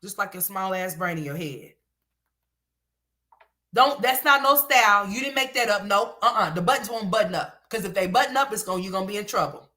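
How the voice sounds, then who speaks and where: A woman's voice: mid-range voice, animated, fairly quick, pushed and bright. A woman hosting reaction commentary, talking in a blunt, profane, scolding way. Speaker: commentary host.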